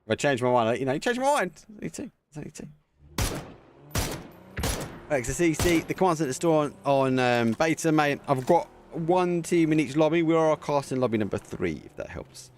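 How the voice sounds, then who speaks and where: A man casting a live esports match as a community caster, chatty and excitable, talking to viewers between plays. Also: on the high side, normal speed, noisy background. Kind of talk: live community game commentary.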